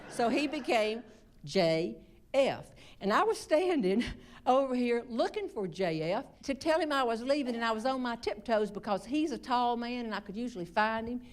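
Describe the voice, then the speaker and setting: A woman's voice: on the high side, expressive, normal speed. A woman with a Southern American accent doing stand-up, telling a folksy, chatty story and teasing the audience. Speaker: humorist.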